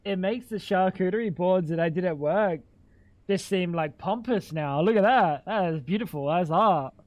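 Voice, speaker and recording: A young man with a high-pitched voice chats casually on a live stream, cracking crude jokes and swearing as he reacts in disbelief. His voice is close and dry, with no room sound around it. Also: normal speed, darkish tone, no echo.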